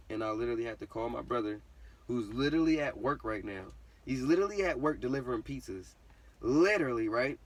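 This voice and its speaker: A man's voice: mid-range voice, far from the mic. Slangy young man telling a story. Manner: slangy, profane, says literally constantly. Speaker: vlogger. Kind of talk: casual storytelling.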